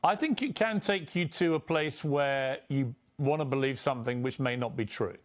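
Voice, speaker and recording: A man's voice: medium pitch, moderate pace. A British man conducting a combative TV interview, pressing his questions firmly and insistently.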